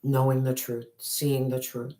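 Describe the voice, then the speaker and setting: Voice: mid-range voice, little pitch movement, unhurried, dark tone. A tarot reader giving a spiritual reading straight to the viewer, emphatic and repetitive, with casual slang and the odd swear.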